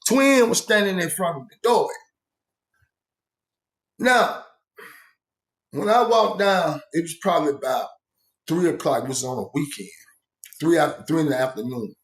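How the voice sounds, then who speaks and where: A man's voice: a little high, moderate pace, long pauses. A man casually telling a story from his own past, rambling with slang and many asides. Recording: echoey room.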